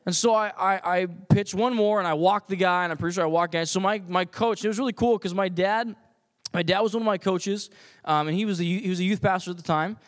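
A man telling a personal story to an audience in an animated, self-deprecating way, full of fillers and restarts. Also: sits high, fast talker. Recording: long hall reverb.

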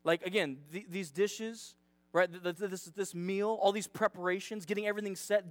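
Male youth pastor, casual sermon, high voice, dry close sound. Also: fairly even intonation, normal speed, no room sound. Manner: chatty, dramatizing, self-deprecating.

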